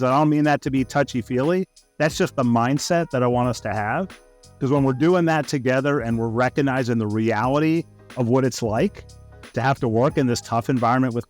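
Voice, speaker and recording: A middle-aged man answering an interview question with an earnest, storytelling manner, as an executive guest. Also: mid-range voice. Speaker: guest, customer success executive.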